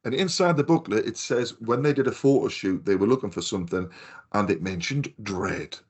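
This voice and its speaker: A man's voice: lowish voice, lively intonation, a little fast, husky. Rambling man telling anecdotes. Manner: rambling anecdotal storyteller, swears casually. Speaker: podcast co-host. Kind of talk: casual chat.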